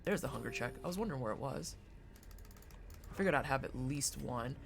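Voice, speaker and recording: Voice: animated, a little fast, vocal fry. A streamer giving casual, profane commentary while playing a game and chatting with viewers. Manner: profane, chatty, jumps into high-pitched silly voices.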